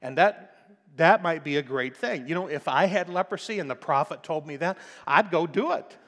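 A man preaching a sermon in a fairly high voice, moving between low, quiet teaching and loud, fired-up emphasis. His voice rings with the long reverb of a big church hall. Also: moderate pace. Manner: preaching with rising intensity, shifting from quiet to loud. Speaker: pastor.

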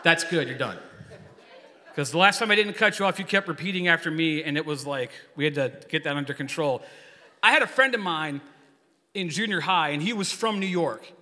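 A man's voice: fairly high pitch, fairly quick. A man in his forties, a youth pastor, preaching a casual, joking sermon to his church and leading the crowd in call-and-response. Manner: joking, energetic, rambling storyteller. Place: church hall. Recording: long hall reverb.

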